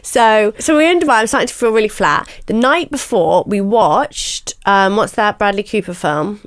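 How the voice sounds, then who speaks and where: Young woman, candid chatty storytelling, animated, mid-range voice, dry sound. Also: mid-range voice, normal speed, no room sound. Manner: chatty, animated, peppers speech with "like", swears casually. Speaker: podcast host, guest being interviewed.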